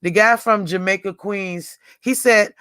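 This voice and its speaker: A woman's voice: mid-range voice, steady tone, measured pace, sharp tone, clear, resonant tone, no room sound, studio quality. A woman in her forties hosting a livestream in rambling, casual chat, often laughing. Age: 40s. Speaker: livestream host.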